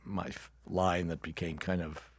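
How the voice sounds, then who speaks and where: Man, older, very deep voice, wry animated storyteller, dry close studio sound. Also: unhurried, slightly rough, no echo. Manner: wry, animated anecdote telling. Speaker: guest, actor and author. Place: radio studio.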